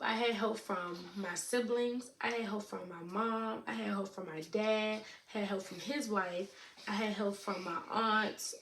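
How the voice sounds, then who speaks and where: A young woman in her late teens chatting casually to camera, answering viewer questions in a relaxed way, with lots of "you know what I'm saying.". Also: medium pitch. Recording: echoey room with faint noise.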